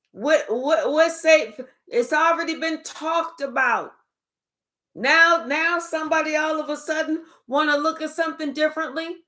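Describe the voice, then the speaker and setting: Woman, high-pitched, tarot reader, blunt, profane, emphatic, rhetorical questions. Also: a little slow, sharp tone. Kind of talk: spiritual reading monologue.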